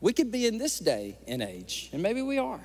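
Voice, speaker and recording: Male pastor, high-pitched and fervent, sermon in a reverberant sanctuary. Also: wildly swooping pitch, moderate pace, darkish tone. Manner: impassioned preaching, tearful at times. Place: church sanctuary. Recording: long hall reverb.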